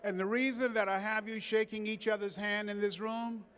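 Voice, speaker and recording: Older male motivational speaker, fiery, high-pitched, repetitive build-ups, big echoing convention hall. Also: fairly even intonation, normal speed, a bit bright, smooth. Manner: impassioned, rhythmic repetition. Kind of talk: motivational keynote speech. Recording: long reverb of a big hall.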